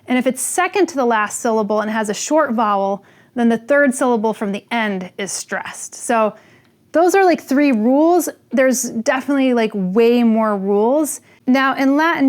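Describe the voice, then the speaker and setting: Chatty higher-voiced woman teaching plants. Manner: chatty, frequent "like" fillers. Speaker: host teaching plant names. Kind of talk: casual educational talk.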